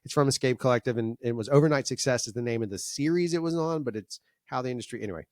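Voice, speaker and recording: A man hosts a podcast in a loose, bantering way, laughing easily and drifting into rambling asides. His voice sits at an ordinary middle pitch. The recording is close and dry, with no room echo. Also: very fast, a little mellow. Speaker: podcast host. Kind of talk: casual joking chat.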